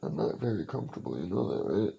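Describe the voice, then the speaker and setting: A man's voice: lowish voice, sing-song, quick pace, vocal fry, mellow, breathy edge. A man talking casually to his kitten late at night, cooing baby talk mixed with offhand swearing. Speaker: pet owner.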